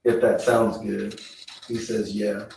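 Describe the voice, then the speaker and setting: A man on the witness stand reading text messages aloud in a slow, measured way. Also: on the low side, little pitch movement, vocal fry, a little mellow, slight background noise. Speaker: trial witness. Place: courtroom. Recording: echoey courtroom feed, distant mic.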